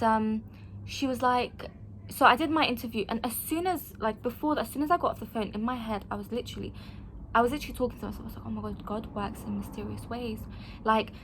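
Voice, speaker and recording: A woman, talking casually to camera as a vlogger and telling her stories in an animated, frank way. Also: fairly high pitch, a little hiss or hum. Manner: animated storytelling, frank and emphatic, acts out quoted voices.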